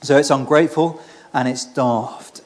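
A man's voice: mid-range voice, steady tone, a little slow, darkish tone, a little hiss or hum. A man preaching a sermon in an earnest, conversational way, often restarting phrases.

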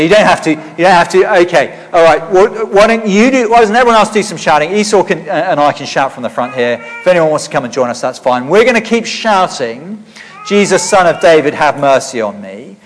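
A man preaches a lively, interactive sermon and leads the congregation in shouting back and forth. His voice sits a little high for a man. The church hall gives a long, ringing reverb. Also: brisk.

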